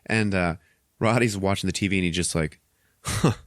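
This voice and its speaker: Lowish-voiced man recapping a movie. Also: brisk, no room sound, studio quality. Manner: animated retelling, profane, laughs often. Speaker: podcast host. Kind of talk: casual movie recap chat.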